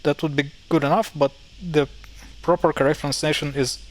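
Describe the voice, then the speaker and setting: Guy, teaching pronunciation, lots of uhs and restarts, kinda high voice. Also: steady tone, fairly quick. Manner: hesitant, many fillers and self-corrections. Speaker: language teacher. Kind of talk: casual explanatory lesson.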